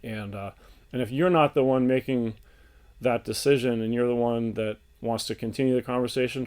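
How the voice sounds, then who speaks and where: A man presenting relationship advice in an earnest, loosely unscripted way, pausing with fillers and restarting phrases as he thinks aloud. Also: medium pitch, warm tone.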